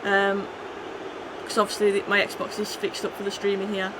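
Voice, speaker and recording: A woman livestreaming a football video game, chatting with her viewers and shouting at the match as it plays out. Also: medium pitch, normal speed, noisy background. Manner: excitable, shouts at the game, then chats casually. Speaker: gaming streamer. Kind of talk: live game commentary and chat reading.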